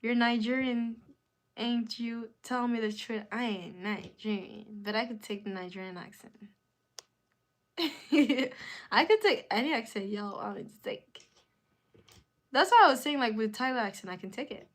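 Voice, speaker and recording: A woman's voice: on the high side, unhurried. A woman hosting a live stream in casual chat, answering viewer comments with emphatic, repeated phrases.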